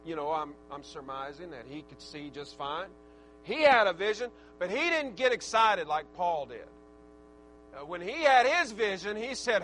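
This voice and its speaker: A male preacher delivering a fervent sermon, swinging from shouted praise to soft, reflective talk. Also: sits high, normal speed, faint music behind, rough recording. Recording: steady mains hum.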